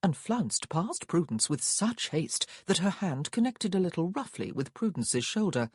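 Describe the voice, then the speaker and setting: A woman narrating a historical romance novel in measured storytelling with lively inflection. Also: lowish voice, husky, no echo, studio quality. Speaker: audiobook narrator. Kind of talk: scripted narration.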